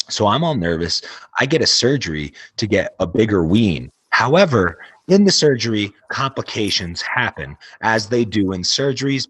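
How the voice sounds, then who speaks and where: A man's voice: lowish voice, breathy edge, no room sound. Crude young man telling wild comic stories. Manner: crude, deadpan exaggeration. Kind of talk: absurd comic storytelling.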